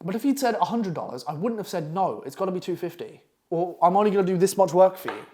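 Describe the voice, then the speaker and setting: A young man lectures on copywriting with a blunt, foul-mouthed swagger. His pitch swings widely as he acts out clients in quick asides. It sounds like casual, unscripted coaching talk. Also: expressive, darkish tone, slight background noise. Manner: crude, blunt and swearing constantly, acting out clients in quick asides. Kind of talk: profane casual masterclass talk.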